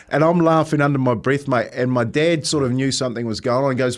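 A man in his forties with a New Zealand accent, hosting breakfast radio and telling stories in a relaxed, reflective way, often saying "mate". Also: mid-range voice, brisk, hardly any pauses. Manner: reflective storyteller, says "mate" often, chuckles. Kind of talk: casual radio chat.

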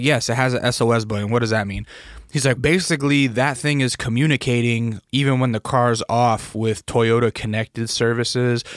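A young man telling a story in a casual, exasperated rant, full of profanity, rising to loud outbursts when quoting himself. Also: mid-range voice, no echo, clean studio sound.

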